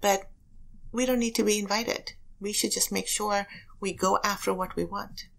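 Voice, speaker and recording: A woman's voice: medium pitch, fairly even intonation, creaky. A middle-aged woman, a senator and former prosecutor, answering interview questions earnestly and telling stories from her career. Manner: earnest, upbeat, quick to tell a story. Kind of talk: interview answers, anecdotal storytelling.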